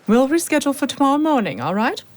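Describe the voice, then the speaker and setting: A vain, bossy construction boss. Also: female voice, high voice, big pitch swings, fast. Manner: bossy, self-important, showy. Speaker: company manager. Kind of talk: children's radio drama acting.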